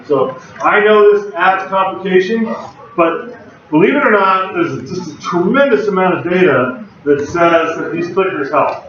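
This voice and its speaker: A man's voice: high voice, a little slow, a bit bright. A man giving a university lecture in a casual, conversational way, chatting with the class and adding asides. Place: large lecture hall. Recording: very echoey hall, voice far from the mic, dull lo-fi sound, faint background hum.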